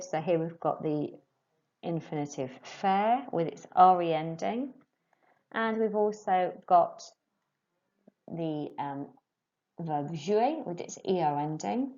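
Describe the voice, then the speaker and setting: A woman teaching a French lesson to pupils, slowly and clearly modelling phrases for them to repeat. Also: on the low side, expressive, dark tone, highs cut off. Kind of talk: recorded remote lesson.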